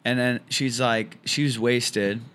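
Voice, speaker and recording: A man's voice: mid-range voice, slow, a little hiss or hum. Profane comedian man telling a story. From Orange County, California. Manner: loose, profane, animated storytelling. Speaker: comedian guest. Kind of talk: casual podcast storytelling.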